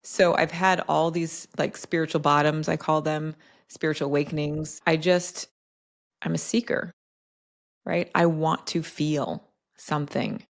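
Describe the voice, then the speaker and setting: A woman with a low voice and a gravelly, fry-laden edge speaks as a podcast guest. She tells personal stories in a reflective, unhurried conversational way, leaning on "like" and "right?" as she thinks aloud. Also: fairly even intonation. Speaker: podcast guest, health coach. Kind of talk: casual conversational interview.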